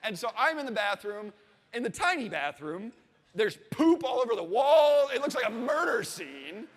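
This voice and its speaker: Animated high-voiced man with hall reverb. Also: moderate pace. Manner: animated, swearing, acting out voices and laughing. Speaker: storyteller on stage. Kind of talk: comic personal anecdote to a live audience.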